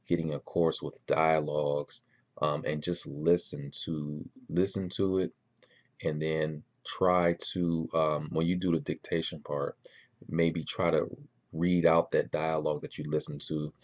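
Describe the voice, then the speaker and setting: A man giving casual spoken advice on learning languages, relaxed and rambling with many ums and restarts. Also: a bass voice, unhurried, highs cut off.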